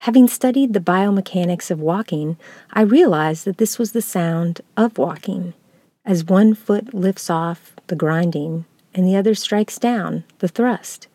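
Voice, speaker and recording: A woman from the United States, a lecturer, reading a reflective essay aloud in a slow, measured, contemplative way. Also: lowish voice, warm tone, no echo.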